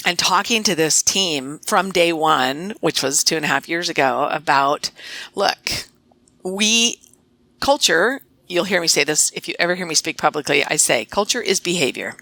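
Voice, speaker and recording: A woman's voice: deep voice, normal speed, sharp tone, no room sound. A woman veterinarian and practice owner, a guest on a podcast, talking emphatically and acting out quoted phone talk. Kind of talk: podcast interview.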